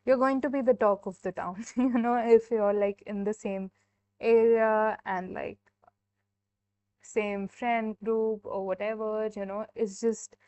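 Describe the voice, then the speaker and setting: A young woman gives a casual live-stream tarot reading, chatting in a relaxed way and filling her sentences with "like". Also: mid-range voice, unhurried, clear, resonant tone, no room sound. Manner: chatty, heavy use of "like" and fillers. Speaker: tarot reader. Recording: dull, dry sound.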